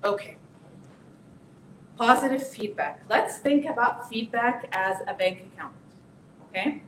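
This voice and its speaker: Woman giving a lively parenting talk. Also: fairly high pitch, a little slow. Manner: lively, acts out parent and teen voices, repeats "okay?". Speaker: parenting workshop speaker. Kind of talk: parenting lesson to an audience. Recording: echoey room, voice from a distance, faint noise.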